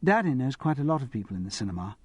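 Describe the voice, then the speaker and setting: Speaking very fast at medium pitch with big swings and a breathy edge, a man performs an audiobook character: a giggly, easily impressed upper-class English teenage girl with a public-school accent. There's no echo, and the voice is girlish, eager, bright and enthusiastic.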